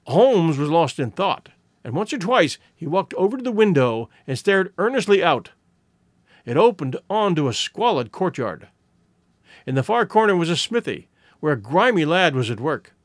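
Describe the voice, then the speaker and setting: A man narrating a story in an expressive audiobook reading. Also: on the high side, normal speed, no echo, clean studio sound.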